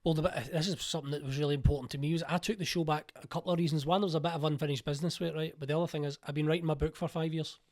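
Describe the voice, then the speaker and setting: Fast-talking Glaswegian man in his forties. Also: fairly high pitch, fairly even intonation, a little mellow. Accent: Glaswegian Scottish. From Scotland. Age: 40s. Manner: fast, eager, rambling with restarts. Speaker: playwright and producer, interview guest. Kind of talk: casual interview chat.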